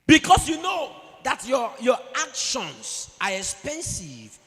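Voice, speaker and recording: A man with a Nigerian accent delivers a preachy motivational talk, acting out quoted voices as he goes. His voice sits high and he talks with lots of energy. The sound rings with the long reverb of a large hall. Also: huge pitch swings, slow pace, fairly bright tone. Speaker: conference speaker. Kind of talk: motivational speech. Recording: echoey hall.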